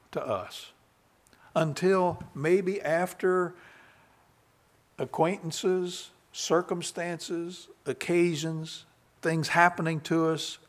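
Preaching man with a raised voice. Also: a little high. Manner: swings from quiet scripture reading to loud, rising emphasis. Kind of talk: sermon.

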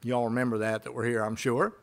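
A man's voice: mid-range voice, level tone, quick pace. A man preaching a sermon in a conversational way, retelling conversations and asking the congregation rhetorical questions.

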